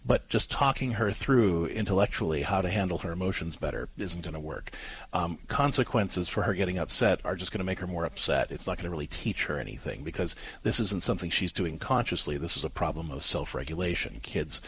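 A man's voice: low voice, lively intonation, brisk, fairly bright tone, husky. A man co-hosting a parenting advice show, explaining at length with frequent restarts and fillers.

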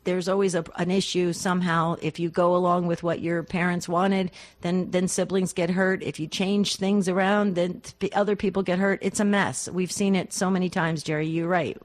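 Female co-host, gentle and earnest, advising callers on air. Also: fairly low pitch, level tone, moderate pace, hardly any pauses. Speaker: radio co-host, advice giver. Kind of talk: call-in advice talk.

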